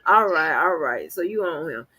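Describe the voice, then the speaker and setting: A woman's voice: on the low side, lively intonation, normal speed, pushed and bright, breathy edge. A woman hosting a livestream, talking bluntly and defiantly with heavy profanity and repeated words. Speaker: channel host. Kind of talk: livestream rant.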